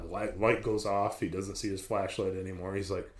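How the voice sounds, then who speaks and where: A man's voice: low-pitched, normal speed, hardly any pauses, fairly bright tone. A man casually telling a spooky story on a podcast, rambling and profane, often restarting his sentences.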